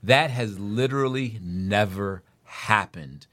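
A man hosting a podcast in a relaxed, joking conversation. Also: on the low side, takes it slowly. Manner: chatty, joking, storytelling asides. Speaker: podcast host. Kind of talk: casual chat.

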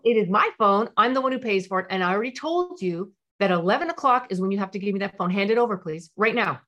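A woman playing a mother who sets a phone rule for her teenager, with steady and caring delivery. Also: medium pitch, fast. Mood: firm. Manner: firm, then calm and soothing.

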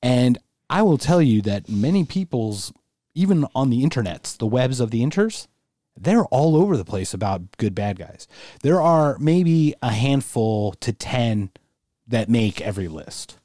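Animated rambling male podcast co-host. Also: mid-range voice, a little slow, no room sound, studio quality. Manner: joking, rambling, crude humor. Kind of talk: casual chat.

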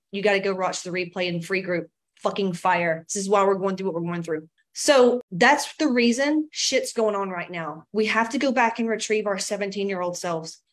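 A woman hosting a live-stream coaching talk who speaks in a profane, emphatic and heartfelt way. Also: mid-range voice. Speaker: coach and show host.

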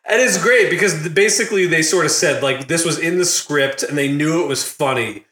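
Guy on a movie podcast, kinda high bright voice, laughs a lot, echoey room. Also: a little fast. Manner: laughs often, acts out quotes in a shouty high voice. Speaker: podcast host. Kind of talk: casual movie recap podcast.

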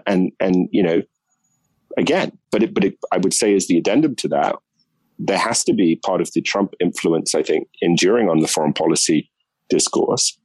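A man's voice: lowish voice, darkish tone, husky, no room sound, low-quality recording. A man with a British accent, a guest commentator giving emphatic, opinionated views in a conversational political discussion. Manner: emphatic and opinionated, thinking aloud.

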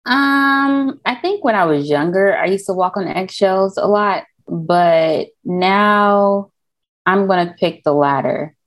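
A woman talking frankly and relaxed in a casual podcast chat. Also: medium pitch, takes it slowly. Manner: relaxed, frank, laughs easily.

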